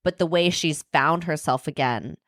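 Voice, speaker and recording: A woman co-hosting a podcast in casual chat, bubbly and quick to laugh. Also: deep voice, no room sound, studio quality. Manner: bubbly, laughs often, lively delivery. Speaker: podcast co-host.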